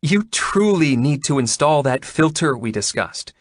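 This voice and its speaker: A man voicing a prim, exasperated young woman doctor in an audiobook, with a crisp, scolding manner. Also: mid-range voice, lively intonation, normal speed, no room sound, studio quality, voice pushed up, close to an everyday voice. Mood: primly teasing. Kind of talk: audiobook character reading.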